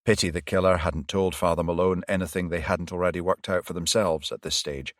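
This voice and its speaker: A man with a low voice reads a crime novel aloud in an even, measured way. The recording is dry and close. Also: no echo. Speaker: audiobook narrator. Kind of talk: scripted narration.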